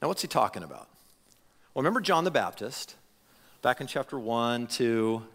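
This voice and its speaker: A man preaching a sermon as a pastor, talking in an animated, conversational way with frequent restarts. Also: medium pitch, moderate pace, in a large hall. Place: church sanctuary.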